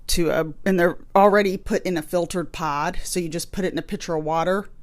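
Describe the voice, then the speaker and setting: A woman's voice: lowish voice, fairly even intonation, a little fast. A woman hosting a true crime podcast, chatting casually and rambling a bit, a little out of breath. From Illinois, USA. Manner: chatty, rambling, laughs easily. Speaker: podcast host. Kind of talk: casual chat. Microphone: studio microphone.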